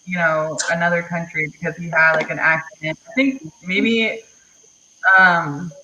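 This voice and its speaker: A woman's voice: fairly low pitch, fairly even intonation, a little slow. A woman on a podcast panel telling a story earnestly, hesitant, with lots of fillers, over dull remote audio with faint hiss.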